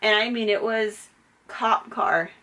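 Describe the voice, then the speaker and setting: A woman giving eyewitness testimony in a hurried way, with fillers like "um" and "like". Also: medium pitch, steady tone, sharp tone. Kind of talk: recounting testimony.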